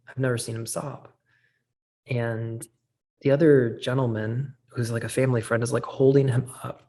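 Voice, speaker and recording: A man's voice: mid-range voice, vocal fry, a little mellow. A man, a podcast guest, telling a personal story in a casual interview, earnest and candid, with frequent filler words.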